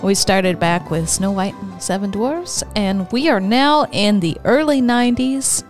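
A woman's voice: medium pitch, measured pace, faint music behind. A woman co-hosting a podcast, upbeat and encouraging in casual chat. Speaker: podcast co-host.

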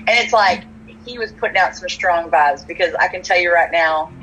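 A woman's voice: on the low side, normal speed, low-quality recording. A woman with a Texan accent, telling a personal story in casual chat, full of "like" fillers and quoted dialogue. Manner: chatty, many "like" fillers, animated quoted dialogue.

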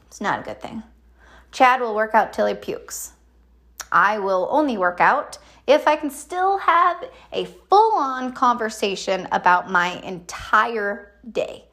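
A middle-aged woman chatting in a rambling, casual monologue as a podcast host. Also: a little high. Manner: chatty, rambling, animated quoted voices.

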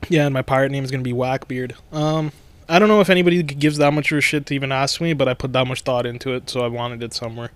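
A man's voice: mid-range voice, rapid-fire, smooth, no echo. A young man co-hosting a podcast, telling stories in casual chat and laughing often. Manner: laughing, animated storytelling. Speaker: podcast co-host.

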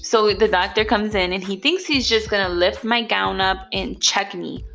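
A woman's voice: medium pitch, normal speed, creaky, fairly bright tone, soft background music. A young woman casually telling her birth story, chatty and blunt, full of slang and "like".

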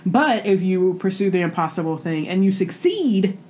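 A young adult woman co-hosting a new podcast in casual, chatty conversation, upbeat and quick to laugh. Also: lowish voice, expressive, darkish tone, a little hiss or hum. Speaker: podcast co-host. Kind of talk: casual chat. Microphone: microphone resting on a pillow.

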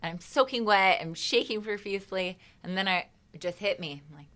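A woman's voice: medium pitch, fairly quick, a bit bright. A woman, a singer, chatting as a guest in an interview and acting out her own reactions as she tells a story. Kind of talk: casual interview chat.

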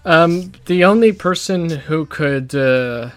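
A woman's voice: low voice, slow. A woman co-hosting a casual music podcast, chatty and informed, telling stories about songs with wry asides. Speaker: podcast co-host. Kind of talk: casual album-review chat.

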